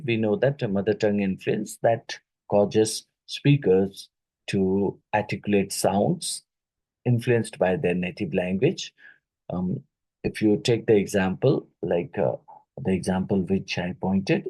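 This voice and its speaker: A man teaching an exam-prep lesson, reading each question twice and pausing with fillers and "right?" tag questions. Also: on the low side, mellow, slightly rough, low-quality recording. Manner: halting, with many fillers and "right?" tags; repeats each question aloud.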